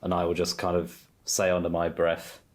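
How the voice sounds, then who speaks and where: A man playing a tabletop game, relaxed and wry as he explains his moves. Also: low voice, moderate pace. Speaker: player. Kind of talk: casual tabletop game play.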